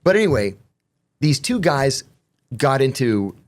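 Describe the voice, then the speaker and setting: A man, a guest on an interview show, telling profane stories in a casual, animated way. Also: mid-range voice, unhurried. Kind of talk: casual storytelling.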